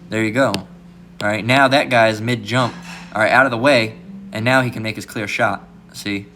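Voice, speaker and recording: Male host, low register, casual rambling commentary, heavy on fillers, guitar music bed under the voice. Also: steady tone, normal speed, sharp tone. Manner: rambling, fills with "all right" and "you know"; mimics others in a raised mocking voice. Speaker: channel host. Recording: music playing behind the voice.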